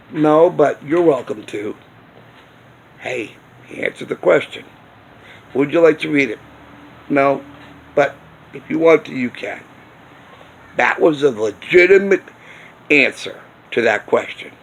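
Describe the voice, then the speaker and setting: Indignant male vlogger, slow husky gravelly delivery, rhetorical rant. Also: mid-range voice, animated. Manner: indignant, ranting with rhetorical questions. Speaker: video blogger. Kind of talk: casual opinion vlog. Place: outdoors near a smoking area.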